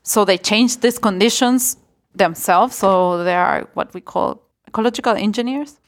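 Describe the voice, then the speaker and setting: A woman's voice: medium pitch, normal speed. Enthusiastic young woman researcher, chuckling. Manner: enthusiastic, chuckles between phrases, hesitant restarts. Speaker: guest researcher, ecologist. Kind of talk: casual podcast interview.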